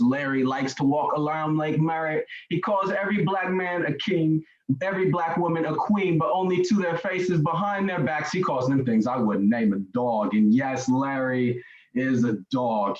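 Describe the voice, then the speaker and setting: A man performing a spoken word poem at a slam over a remote video call, with a punchy, rhythmic, sardonic delivery. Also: a little high. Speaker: slam poet. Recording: roomy, muffled sound.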